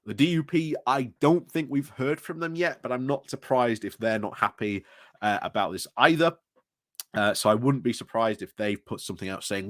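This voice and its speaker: A man's voice: medium pitch, moderate pace, no echo, studio quality. Sarcastic man. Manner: sarcastic, chuckling, rambling with restarts. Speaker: political commentator. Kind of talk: opinionated video commentary.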